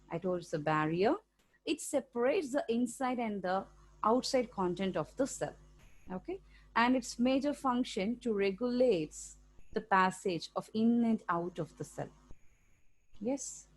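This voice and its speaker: A woman with an Indian English accent teaching a school science lesson, explaining step by step and often checking in with "okay?". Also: medium pitch. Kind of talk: classroom lecture for students.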